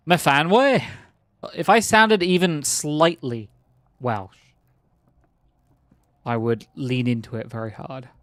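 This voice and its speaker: A man streaming a video game talks casually with friends, cracking jokes and teasing them. His voice sits at an ordinary middle pitch. The sound is dry, with no room echo. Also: sing-song, slow pace, long pauses, fairly bright tone. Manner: joking, banters with friends on voice chat. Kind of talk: casual gaming livestream chat.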